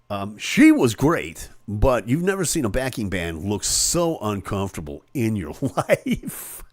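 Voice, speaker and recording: A male host with a fairly low voice chats casually on a live stream, reading comments aloud. He is chatty but halting, full of fillers and restarts. The recording is dry.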